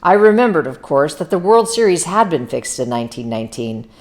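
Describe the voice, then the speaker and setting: Low-voiced woman reading a novel aloud. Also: sing-song, fairly quick, darkish tone. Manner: stumbles over words, breaks off with casual asides. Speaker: reader. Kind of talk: amateur read-aloud of a novel.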